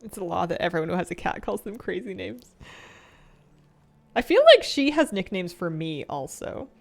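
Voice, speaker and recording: A young adult woman streaming a game, chatting casually and rambling, often laughing and trailing off into soft mumbles. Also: lowish voice, lively intonation, normal speed, vocal fry. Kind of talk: casual chat while gaming.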